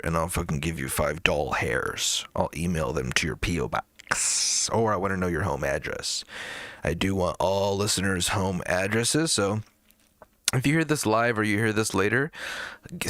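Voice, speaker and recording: A man's voice: low-pitched, a bit bright, no room sound, studio quality. A man hosting a live music review stream, talking in a rambling, profane, jokey way. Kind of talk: casual livestream chat.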